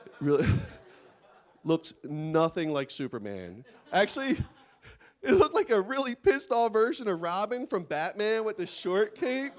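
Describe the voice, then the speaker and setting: A man performs stand-up comedy on a small studio stage to a live crowd. His voice sits high and swings widely in pitch as he chuckles through his own punchlines. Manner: animated, laughs at own jokes.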